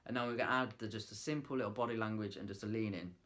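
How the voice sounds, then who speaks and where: A man's voice: fairly low pitch, steady tone, very fast, few pauses, fairly bright tone. Chatty young-sounding man giving acting tips. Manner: chatty, loose delivery with many fillers, demonstrating lines in different ways. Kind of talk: casual vlog tutorial.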